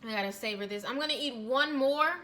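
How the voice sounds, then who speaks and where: Woman, cooking vlogger, high voice, bright and crisp, chatty, gushing, home kitchen. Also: a little fast. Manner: gushing, chatty, addresses viewers directly. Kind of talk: casual recipe chat and taste test.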